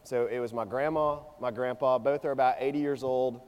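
A man in his twenties delivers a sermon in a conversational, energetic manner, sliding easily from storytelling into teaching. His voice is mellow and warm with a mid-range pitch. The sound rings with the long reverb of a large church hall. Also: a little fast, smooth. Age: 20s. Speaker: preacher.

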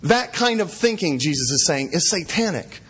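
A man's voice: fairly high pitch, very animated, moderate pace, fairly bright tone, slightly rough. A man preaching a sermon, retelling scripture in casual, conversational words and repeating lines for emphasis. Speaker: pastor.

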